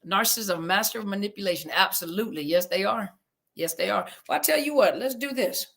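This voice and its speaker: A woman therapist chats live with her listeners, reading their comments aloud and answering them. Her voice is bright and forward, and she keeps apologizing to everyone in a flustered, homey way after technical slips. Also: medium pitch, lively intonation, fast, vocal fry. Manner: apologetic, flustered, Southern-flavored casual speech. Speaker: therapist hosting a live audio room. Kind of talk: casual live-stream chat, reading comments.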